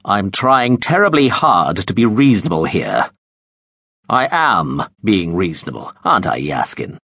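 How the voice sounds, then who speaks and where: Man voicing a deep, pompous villain calling out. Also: sing-song, measured pace, a bit bright, slightly rough, dry recording, studio quality, heavily acted. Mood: booming. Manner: pompous, cajoling, theatrical. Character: smug wealthy menacing man hunting a girl. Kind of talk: audiobook character voice.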